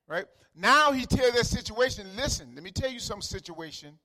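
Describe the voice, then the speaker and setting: High, bright-voiced preacher with dialect. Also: male voice, a little fast, few pauses. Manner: conversational, repeats words, calls out to listeners by name; swings from quiet asides to loud emphatic lines. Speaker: pastor. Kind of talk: sermon.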